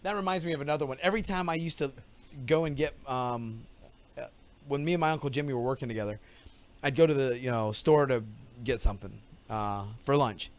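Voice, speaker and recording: A man's voice: medium pitch, fairly quick. A man co-hosting a podcast, chatting casually and acting out movie quotes in raised voices. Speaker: podcast co-host. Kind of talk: casual chat quoting movie lines.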